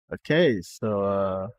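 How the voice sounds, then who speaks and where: A man's voice: on the low side, a little mellow, no echo. A young Nigerian man speaking in a put-on generic American-Canadian accent, chatting casually on a live stream and often laughing at himself. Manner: chatty and self-amused, laughing between remarks.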